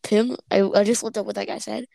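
A woman chatting on a podcast, her voice gravelly with vocal fry. She recaps an episode in a loose, rambling way, stumbling through fillers. The sound is dry and close, with no room around her. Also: mid-range voice, little pitch movement, fairly quick, dark tone, dry recording, poor audio. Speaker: podcast co-host. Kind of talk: casual review chat.

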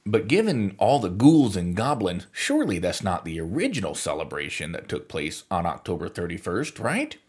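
A man with a low, somewhat husky voice hosts a podcast and talks through a prepared script. His pitch swings widely as he stresses points, and he slips in wry, sarcastic asides along the way. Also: wildly swooping pitch, moderate pace, few pauses, darkish tone. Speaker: podcast host.

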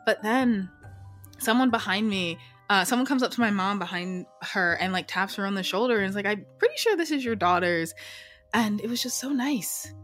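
A woman's voice: medium pitch, moderate pace, a bit bright, faint music behind. Chatty, profane woman narrating a solo game. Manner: profane, chatty, self-interrupting. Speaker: solo tabletop game player. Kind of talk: casual solo role-play narration.

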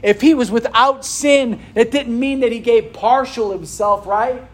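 High-voiced slow-preaching man. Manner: preaching with rhetorical questions to a responding congregation. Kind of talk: sermon. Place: room with a congregation.

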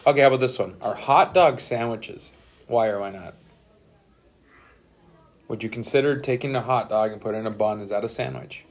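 A man who is a teacher hosting a casual interview, relaxed and encouraging, with lots of "you know" and "right". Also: mid-range voice, a little fast, pauses often. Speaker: teacher and podcast host.

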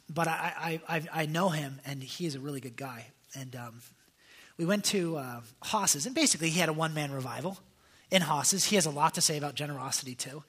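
A young man preaching with a husky, slightly high voice that has a bright, sharp edge. He talks casually to his listeners, full of fillers and restarts as he tells his stories. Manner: animated, conversational, many fillers and restarts. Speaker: pastor. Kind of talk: casual sermon storytelling.

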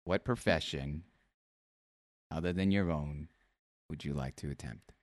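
A man hosting a casual interview podcast, rambling with many restarts, then reading out his questions slowly and deliberately. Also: very deep voice, no echo, studio quality. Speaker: podcast host.

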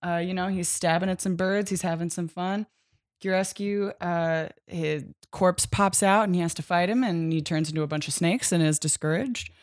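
A woman's voice: lowish voice, normal speed, no echo, clean studio sound. A woman co-hosting a podcast, recapping a comic in a rambling, casual way, with many fillers and easy laughter. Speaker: podcast co-host.

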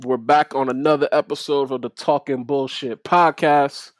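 A man hosting a casual podcast with his friends, animated, often repeating words and talking over the others. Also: mid-range voice, moderate pace, no echo. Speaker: podcast host.

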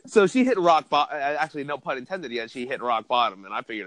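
A man's voice: medium pitch, animated, quick pace, hardly any pauses, a bit bright, dry recording. A man telling a profane story on a comedy podcast, laughing through it.

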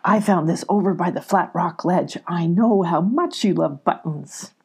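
A woman voicing a cheerful young girl character in a storybook reading, with a higher, eager voice. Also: animated, a little slow, slightly rough, full character voice. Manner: bright, eager, exclaiming.

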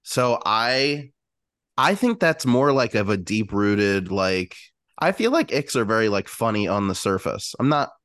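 Low-voiced man chatting on a podcast. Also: big pitch swings, unhurried, fairly bright tone, no echo, clean studio sound. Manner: chatty, puts on baby talk for his dog. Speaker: podcast co-host. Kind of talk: casual chat.

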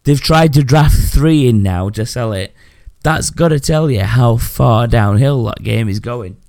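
A man's voice: mid-range voice, measured pace, creaky, a little mellow, no echo, studio quality. A man hosting a casual podcast, ranting brashly and swearing freely. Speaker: podcast host.

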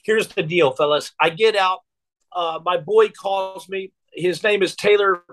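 A man's voice: high-pitched, measured pace, fairly bright tone, poor audio. A man in his forties telling a long personal story as a podcast guest, rambling and repeating words with many fillers.

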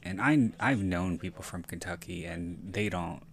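A man's voice: low-pitched, normal speed. A man hosting a podcast, giving casual movie commentary in a rambling way, often correcting himself and swearing. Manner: rambling, frequent self-corrections and profanity. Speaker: podcast host.

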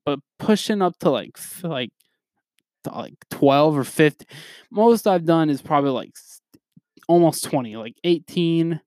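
A man's voice: fairly high pitch, a little slow, no echo. Young male podcast host, crude rambling rants, dry close sound. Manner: profane, animated, rambling. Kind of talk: casual ranting monologue.

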